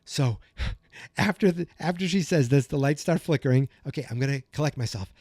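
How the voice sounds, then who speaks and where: Male podcast host, solo recap; animated, venting, higher pitch, dry close sound. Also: brisk, no echo. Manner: animated, gets worked up and vents.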